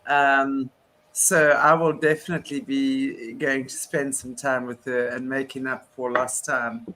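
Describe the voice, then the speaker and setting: Bright-voiced older male show host. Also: medium pitch, little pitch movement, measured pace. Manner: chatty, joking, laughs easily. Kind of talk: casual chat.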